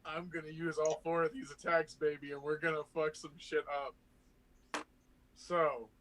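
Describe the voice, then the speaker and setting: A man's voice: a little high, flat delivery, moderate pace, a bit bright, a little hiss or hum. A man playing a tabletop game who rolls dice aloud and gleefully describes his character's attacks in vivid detail. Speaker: player.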